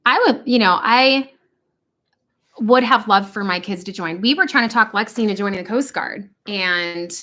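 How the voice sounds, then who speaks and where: A middle-aged woman hosting a casual livestream chat from home, animated and jokey, quick to slip into funny voices. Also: medium pitch. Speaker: livestream host.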